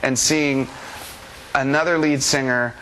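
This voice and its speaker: A man's voice: medium pitch, steady tone, measured pace. A man in an interview, ranting and mocking other singers with impressions. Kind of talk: casual interview talk. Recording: loud noisy recording.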